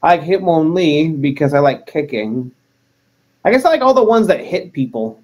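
A man's voice: a little high, lively intonation, normal speed. A man, a wrestler as interview guest, chatting casually in a joking, self-deprecating way.

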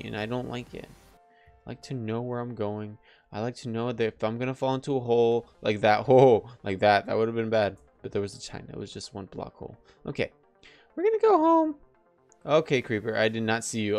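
A man chatting his way through a survival game, excitable and talkative, narrating every move as he thinks aloud. His voice sits at an ordinary middle pitch. Soft background music plays faintly underneath. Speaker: let's play gamer. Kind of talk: casual gameplay commentary.

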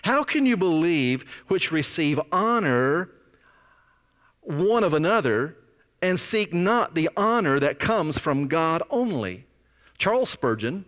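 A man's voice: on the high side, fairly bright tone. A man preaching a sermon as pastor, with dramatic rises and drops in volume. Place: church sanctuary. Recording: long reverb of a church sanctuary.

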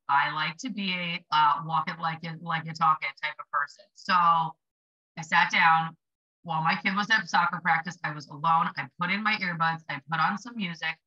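A woman's voice: low voice, fairly even intonation, moderate pace, bright, forceful tone, muffled recording. A young adult woman hosting a casual motivational live stream for small business sellers, chatty and blunt, swearing for emphasis. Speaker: livestream host coaching small business sellers.

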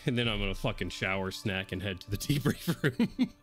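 Man player, wry, casual, lively pitch, faint music. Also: brisk. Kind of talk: narrating his character's actions.

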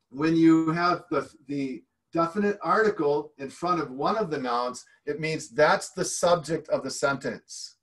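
A man's voice: on the high side, breathy edge. A man preaching a teaching sermon in a church, explaining step by step with frequent fillers and restarts.

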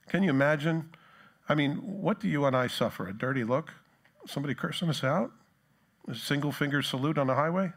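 A man's voice: medium pitch, brisk, fairly bright tone. A male pastor giving a conversational sermon, now and then acting out the taunts of a crowd in a voice of his own. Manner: conversational preaching, acts out mocking voices of the crowd.

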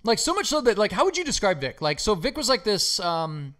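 Animated man telling rowdy stories. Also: sits high, fairly quick. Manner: animated storytelling, lots of fillers and swearing. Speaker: podcast host. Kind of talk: casual chat.

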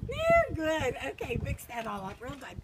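Older woman impersonating a celebrity TV chef: high, lively, exclaiming, home kitchen video with loud noise. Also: exaggerated voice. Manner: fluttery, exclaiming, bossy with helper. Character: impression of a famous warbly older woman TV chef. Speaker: grandmother hosting a mock cooking show. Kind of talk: playful mock cooking demo.

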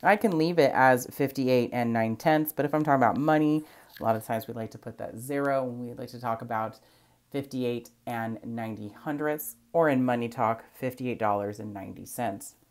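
Very low-voiced woman teaching math. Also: moderate pace, a little mellow. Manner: patient step-by-step explaining, counting aloud. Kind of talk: recorded math lesson.

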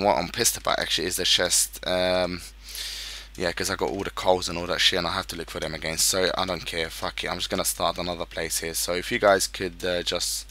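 Male gaming YouTuber, low and forceful voice, casual and profane commentary. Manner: swears a lot, frustrated outbursts.

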